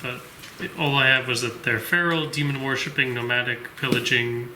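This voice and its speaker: A man's voice: mid-range voice, steady tone, moderate pace, bright, forceful tone. A man playing a tabletop game, thinking aloud and talking strategy in casual chat. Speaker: player. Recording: echoey room with background noise.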